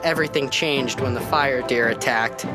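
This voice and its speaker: A man's voice: medium pitch, normal speed. A man reading a mock epic trailer narration in a grave, dramatic way. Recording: narration over loud music.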